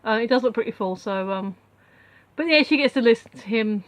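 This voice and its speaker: A woman's voice: fairly high pitch, brisk. A young woman casually recapping a film as a reviewer, rambling with many asides.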